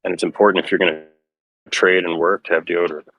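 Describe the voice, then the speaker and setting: A man's voice: deep voice, flat delivery, fast talker, fairly bright tone, low-quality recording. A man hosting a live crypto trading stream, chatting casually and joking wryly with a co-host. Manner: joking, chatty, wry asides. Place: inside a pharmacy store.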